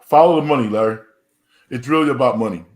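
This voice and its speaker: A man's voice: medium pitch, fast, darkish tone. Emphatic male panelist in a roomy space. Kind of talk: casual sports talk.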